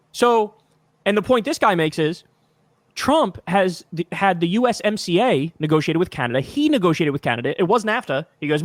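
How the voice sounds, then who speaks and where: A man's voice: high voice, big pitch swings, normal speed, no echo, studio quality. A man hosting a reaction video, giving exasperated, profane and emphatic political commentary.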